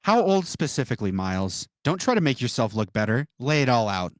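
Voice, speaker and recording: A man's voice: medium pitch, big pitch swings, a little fast, no echo, studio quality. A male streamer on a live stream, talking in a pushy, demanding, mocking way.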